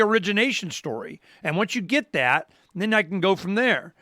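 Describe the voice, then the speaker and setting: A man's voice: high voice, very animated, normal speed, sharp tone, dry recording, clean studio sound. A man hosting a talk show, speaking in an emphatic, rambling way with frequent restarts. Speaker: radio talk show host. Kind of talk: casual talk-radio conversation.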